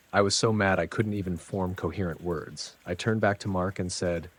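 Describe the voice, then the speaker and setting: Reading a first-person story aloud, a man with a low, husky voice keeps a steady tone at normal speed with hardly any pauses. His narration is dramatic yet conversational, sprinkled with casual asides to the listener.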